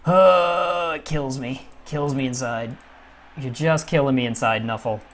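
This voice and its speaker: A man giving casual let's-play commentary as a gaming channel host, swearing freely and moving from low muttering to frustrated outbursts. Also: a little slow, fairly bright tone, slight background noise.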